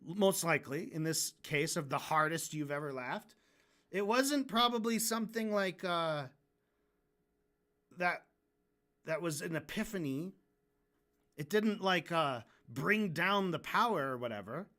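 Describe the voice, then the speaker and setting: A man's voice: on the high side, expressive, unhurried, pauses often, sharp tone. A man livestreaming while he draws, ranting casually and frankly, swearing and often restarting his sentences. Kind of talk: casual rant during a drawing stream.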